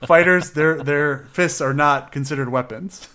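A man's voice: a little high, unhurried, pushed and bright, slight background noise. A man co-hosting a casual podcast from his desk at home, playful and rambling, laughing often. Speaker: podcast co-host. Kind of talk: casual chat building a game character.

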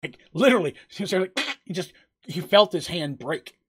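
A man's voice: high voice, expressive, normal speed, husky. A man narrating a tabletop game as game master, casual and rambling with fillers.

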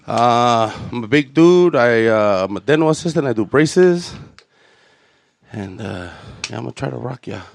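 A man's voice: medium pitch, lively intonation, moderate pace, creaky, dry recording. A man, doing a profane stand-up set full of street slang. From Los Angeles. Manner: profane, storytelling, Chicano slang. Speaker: stand-up comedian.

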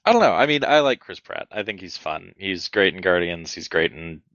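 A man's voice: low voice, sing-song, moderate pace, fairly bright tone, no echo, highs cut off. A man co-hosting a podcast, chatting casually and making wry jokes, thinking aloud with some hesitation. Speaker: podcast co-host. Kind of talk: casual chat.

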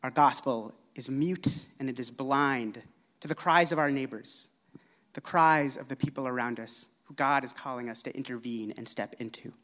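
A man preaching a sermon, earnest and expressive, telling a personal story. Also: mid-range voice, moderate pace.

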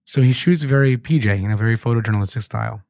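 A man's voice: medium pitch, fast talker, gravelly, dry recording, clean studio sound. A man hosting a podcast, telling stories in casual, profane chat and acting out the voices of people he quotes. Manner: animated storyteller, acts out quoted voices. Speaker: podcast host. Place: trade show venue.

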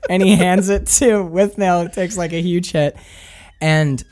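A man co-hosting a casual film podcast, talking loosely and excitedly, swearing freely and slipping into quoted lines from the film. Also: sits high, unhurried. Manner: animated, quoting film lines in put-on voices. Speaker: podcast co-host.

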